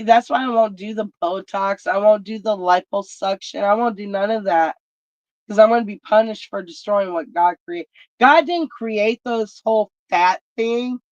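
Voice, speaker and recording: A woman's voice: medium pitch, moderate pace, no echo. A woman telling stories in a blunt, profane casual rant. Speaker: vlog host. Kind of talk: casual ranting chat. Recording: dry, dull lo-fi sound.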